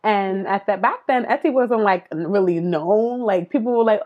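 Female interview guest, chatty maker, lots of fillers, mid-range pitch. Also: expressive, moderate pace, hardly any pauses, muffled recording. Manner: chatty, laughs often, filler-heavy. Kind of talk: casual interview chat.

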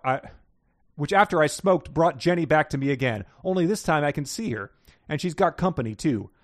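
A man reading aloud in the voice of a slow-witted Southern man, with a put-on Southern accent and folksy, ungrammatical speech. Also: a little high, no echo, studio quality, close to an everyday voice. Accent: American Southern, put on. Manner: folksy drawl with broken grammar.

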